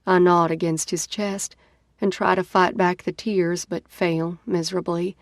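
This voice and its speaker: A woman narrating an audiobook in the first person, unhurried. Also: on the low side, little pitch movement, no room sound, clean studio sound.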